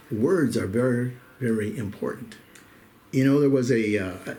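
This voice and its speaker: A middle-aged man with a gravelly, creaky voice hosts a casual weekly show. He talks straight to his listeners in a folksy way and tells jokes. His pitch sits in the middle range for a man. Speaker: host. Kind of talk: casual monologue telling jokes.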